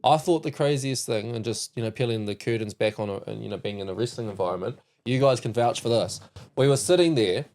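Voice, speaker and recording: A man with a New Zealand accent hosting a podcast, telling a story in lively casual chat and acting out quotes. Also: medium pitch, fast. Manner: animated storyteller, laughs and acts out quotes. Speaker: podcast host.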